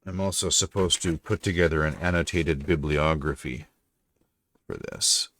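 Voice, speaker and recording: Very deep-voiced Canadian man. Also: moderate pace, a bit bright. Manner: rambling, chatty, drifts into French. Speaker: livestreamer and voice-over narrator. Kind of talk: casual live-stream chat.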